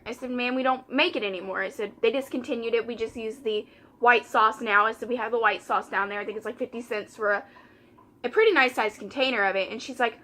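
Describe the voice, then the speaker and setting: A woman's voice: a little high, brisk, sharp tone. A young woman, chatting casually while doing her makeup and retelling a story by quoting customers and coworkers. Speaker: vlogger.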